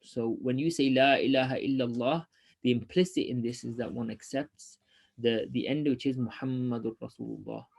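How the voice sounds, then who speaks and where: A man gives an online lesson, speeding through passages of a religious text and then explaining them in a loose, faltering manner thick with ums. His medium-pitched voice holds a steady tone with vocal fry, a little mellowness, and a breathy edge.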